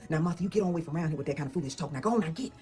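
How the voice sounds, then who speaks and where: Woman doing a low-voiced gossiping old servant woman. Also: animated, rapid-fire, warm tone, faint music behind. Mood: warning. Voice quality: folksy drawling talk, cautious whispers. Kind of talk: comedy sketch.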